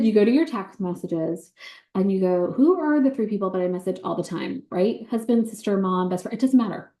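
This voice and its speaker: A woman giving an excited, bubbly sales pitch on a video call, talking fast with many ums. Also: echoey room.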